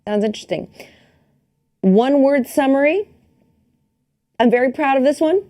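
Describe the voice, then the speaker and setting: A woman's voice: high voice, normal speed, mellow. A woman co-hosting a podcast in casual, playful chat, laughing often. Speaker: podcast co-host.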